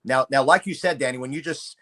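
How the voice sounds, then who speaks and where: A middle-aged man co-hosts a true-crime podcast, laying out his views in a measured, deliberate way. His voice sits at an ordinary middle pitch. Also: pushed and bright. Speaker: podcast co-host.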